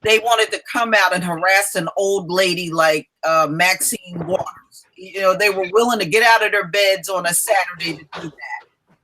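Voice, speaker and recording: A chatty discussion host with a bright, forceful voice and an easy laugh. The host keeps the talk moving and brings in each guest in turn. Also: medium pitch, fairly even intonation, moderate pace, slight background noise, rough recording. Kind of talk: casual online discussion.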